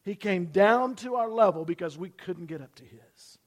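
Male preacher, higher-pitched voice, dynamic sermon delivery with loud peaks and soft drops. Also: animated, normal speed. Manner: preaching with sudden loud emphasis and drops to near-whisper; asks the congregation to repeat phrases. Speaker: pastor. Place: church building.

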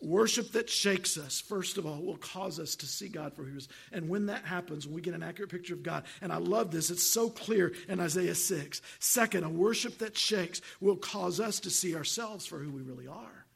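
A middle-aged man preaching with a high voice that is gravelly and husky. He preaches emphatically and repeats phrases. He reads scripture aloud to his congregation. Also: normal speed, few pauses, a bit bright. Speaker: pastor. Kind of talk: sermon.

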